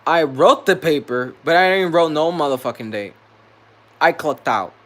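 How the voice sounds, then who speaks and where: A man's voice: fairly high pitch, expressive, moderate pace, fairly bright tone. A man venting to camera in a vlog, angry and profane, repeating himself as he rants. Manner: heated, profane, repetitive venting. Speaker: vlogger.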